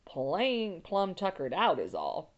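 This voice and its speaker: A woman reading a calm, worn-out pioneer father's lines in a story read aloud. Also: fairly low pitch, takes it slowly, dull audio, full character voice. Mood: weary calm. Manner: calm, reassuring.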